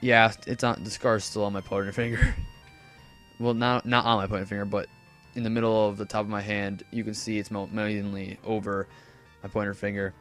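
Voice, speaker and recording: A man's voice: fairly low pitch, little pitch movement, a little fast, a bit bright, faint music behind. A teenage boy casually telling a rambling story over gameplay commentary, full of fillers and self-corrections. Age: teens. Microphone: desk microphone.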